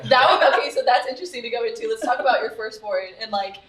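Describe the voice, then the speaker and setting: Higher-voiced woman steering the talk. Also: fast, fairly bright tone. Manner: guides the talk with questions. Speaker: discussion moderator. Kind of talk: casual chat. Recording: echoey room, mic at a distance.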